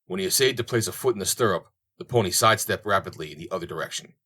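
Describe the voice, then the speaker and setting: A man narrating a western audiobook in a steady storytelling manner. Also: low voice, racing. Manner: steady storytelling, voicing each character.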